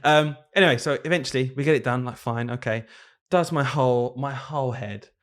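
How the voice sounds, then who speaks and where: A man's voice: medium pitch, fairly quick. A young man, a podcast co-host and teacher, telling a story in a casual chat and laughing often. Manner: animated storyteller, laughs a lot.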